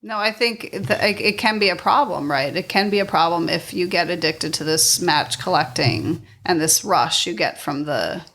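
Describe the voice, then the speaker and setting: Low-voiced woman chatting as a guest. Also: normal speed, few pauses, a bit bright. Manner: thoughtful, chatty, many restarts. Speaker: researcher and guest. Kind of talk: casual podcast conversation. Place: kitchen table.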